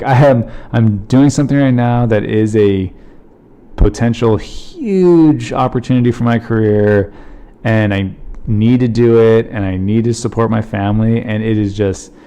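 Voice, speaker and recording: Mellow-voiced rambling comedian man. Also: fairly low pitch, clean tone. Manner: rambling, heartfelt, filler-heavy. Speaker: comedian podcast host. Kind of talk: casual solo podcast monologue.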